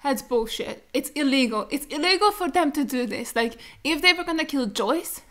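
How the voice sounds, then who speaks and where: A young woman with a high, bright voice talks through tears as she reacts to a show. She pleads and protests in disbelief, swearing now and then as her voice breaks. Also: lively intonation, moderate pace. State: crying. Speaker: reaction video host. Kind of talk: emotional reaction commentary.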